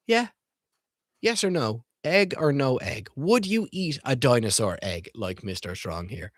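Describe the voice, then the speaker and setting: Male streamer, irreverent and profane, animated pitch, dry close sound, reviews picture books and quizzes viewers. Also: a little slow, dry recording. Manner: asks the viewers questions. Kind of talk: casual comedic commentary reading aloud.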